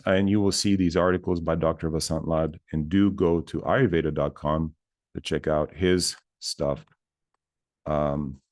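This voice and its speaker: A man's voice: deep voice, a little mellow, dry recording, studio quality. A man teaching in a casual, chatty way, chanting short syllables between explanations and mocking himself now and then. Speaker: spiritual teacher. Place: outdoors near a bridge.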